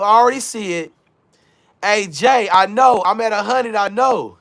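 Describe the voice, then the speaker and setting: A man with a high voice talks straight to his chat on a livestream. He is hyped and loose, full of slang, and reads their comments back as he goes. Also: moderate pace, gravelly, a bit bright. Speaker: livestream host.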